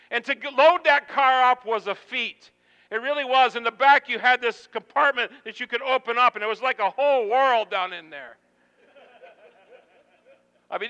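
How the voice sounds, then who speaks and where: High bright folksy preacher. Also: male voice, smooth, in a large hall, highs cut off. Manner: folksy, rambling, acts out quotes. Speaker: pastor. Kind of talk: storytelling sermon.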